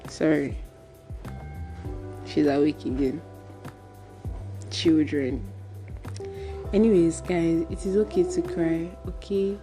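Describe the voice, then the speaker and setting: A woman's voice: low-pitched, takes it slowly, long pauses, music in the background. A woman with a Nigerian accent hosting a solo podcast, ranting emphatically and repeating her points for stress. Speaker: podcast host.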